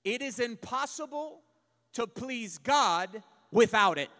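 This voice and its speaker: A male pastor preaching a sermon, emphatic and building to shouts. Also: very high-pitched, lively intonation, slow. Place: church sanctuary. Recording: long reverb of a church hall.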